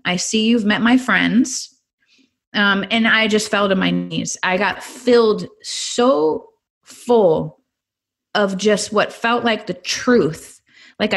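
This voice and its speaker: On a podcast, a middle-aged woman from California gives her personal testimony with animated earnestness. Her pitch is medium and her voice has a creaky quality.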